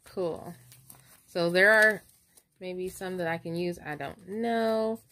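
A woman chatting excitedly in a casual vlog, stuttering now and then as she leafs through coupon inserts. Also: fairly low pitch, slow pace, slight background noise. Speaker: couponing vlogger. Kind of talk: casual show-and-tell vlog.

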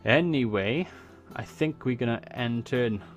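A man's voice: mid-range voice, a little slow, faint music behind. A Welsh man casually thinking aloud as he commentates a strategy game, swearing when surprised. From Wales. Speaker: gaming YouTuber. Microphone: desk USB microphone.

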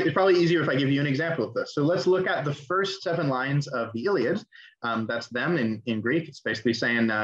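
Young guy teaching a class on a video call, chatty with lots of ums, kinda muffled lo-fi audio. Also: mid-range voice. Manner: casual, explanatory, with fillers and restarts. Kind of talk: online class lecture. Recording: dull lo-fi audio.

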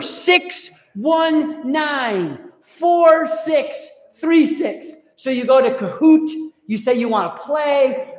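A man with a very high voice leads a youth group, playful and upbeat as he calls out to the crowd. The sound carries the long reverb of a large hall. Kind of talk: lively talk to a student youth group. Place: large hall with a live audience.

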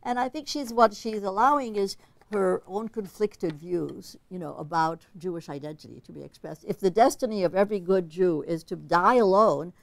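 A woman's voice: lowish voice, normal speed, vocal fry, no room sound. A woman giving an academic literature lecture in an analytical, conversational way, thinking aloud as she goes.

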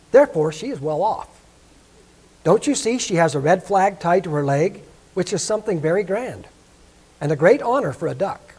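A man's voice: on the high side, darkish tone, slightly rough, exaggerated voice. A man voicing a fussy, proud mother duck who scolds and frets in a raised voice.

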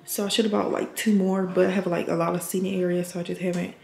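A nurse in her twenties gives a casual vlog tour of her apartment, calling her viewers "y'all." Her voice is low-ish, level, and darkish with vocal fry, and she talks fast, recorded in an echoey room with faint noise.

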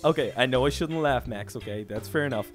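A man hosting and leading an improvised game role-play, talking in a chatty, bossy, excitable way with lots of restarts. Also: medium pitch, fairly quick, music in the background. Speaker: host and lead player.

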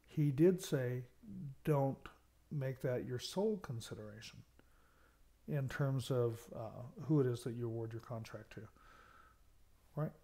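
A man's voice: medium pitch, a little slow, long pauses, warm tone. A man from the United States lecturing on management, explaining points and stressing key words, often checking in with "okay". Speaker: university lecturer. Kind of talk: recorded lecture.

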